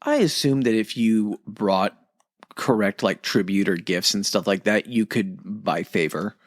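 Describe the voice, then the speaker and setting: Brief: man, low voice, dry close mic, loose profane history-podcast banter. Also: unhurried, no echo. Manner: joking, swears freely, acts out historical figures. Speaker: podcast co-host. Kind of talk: casual profane history chat.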